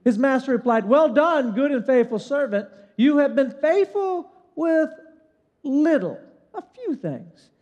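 An older man, a pastor, preaching a lively, conversational sermon and often checking in with "right?". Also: very high-pitched, a little slow, big-room sound, highs cut off.

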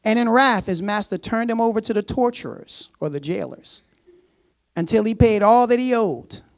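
A man preaching a sermon. He reads scripture aloud, breaks off with laughing asides, and acts out the servant's words in a low, casual voice. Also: normal speed.

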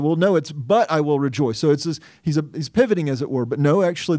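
An earnest male pastor working through a scripture text, with a slightly high but mellow voice. He thinks out loud, restarts phrases and questions himself as he goes. The sound is dry and close to the mic. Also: no room sound. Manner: earnest, reasons aloud with restarts and self-questions. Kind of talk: expository sermon.

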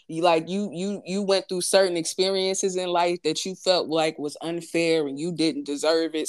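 A woman, talking bluntly and profanely in casual chat, repeating her points for emphasis. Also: on the low side.

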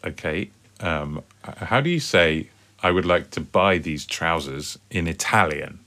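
Man, middle-aged, very low pitch, chatty, upbeat, home podcast host. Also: animated, a little slow, bright, forceful tone. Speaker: co-host, father. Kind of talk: casual family podcast chat.

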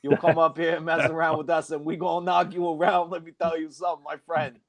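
Man voicing a tough man, rapid bravado, fairly high voice. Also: level tone, a loud crowd, close to an everyday voice. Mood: menacing. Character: tough Brooklyn man, threatening.

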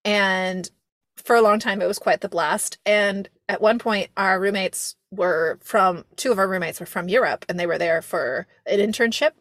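A young woman hosting a podcast, chatting casually in a rambling, animated way, laughing often and swearing freely. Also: mid-range voice, moderate pace, no echo. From America. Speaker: podcast host. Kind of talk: casual chat.

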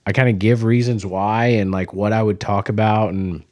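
Speaking at a normal pace in a fairly low, level, slightly mellow voice, a guest brewer from Kansas chats casually on a podcast with a slight Kansas accent. He curses freely and skips between thoughts; the recording is dry and studio quality.

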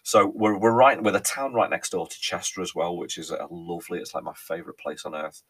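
A man with a low, deep voice and a Merseyside accent talks alone into his podcast mic. He rambles in a chatty way, repeating words and filling pauses with ums. He sounds like a man in his thirties. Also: fairly even intonation, fairly bright tone, slightly rough. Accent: Merseyside with a faint Cheshire lilt. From Ellesmere Port, England. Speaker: podcast host. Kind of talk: casual solo podcast monologue.

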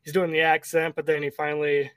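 A man co-hosting a podcast in relaxed, rambling casual chat, often correcting himself mid-sentence. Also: on the high side, fast, no echo. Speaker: podcast co-host.

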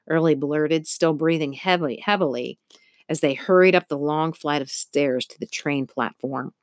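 A woman narrating a children's story aloud in an expressive, measured way. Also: low voice, no echo, clean studio sound. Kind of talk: audiobook narration.

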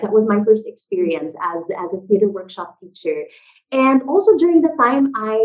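Woman guest, theater founder, high-ish voice, chatty and animated with plenty of fillers. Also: rough recording. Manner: animated storyteller, lots of fillers like "like" and "you know". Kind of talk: casual interview chat.

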